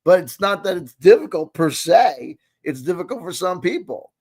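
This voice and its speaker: A man in his late forties hosts a casual reaction segment full of rambling, swearing, and constant "you know what I mean" check-ins. His high voice is animated and a little mellow with a breathy edge, at normal speed.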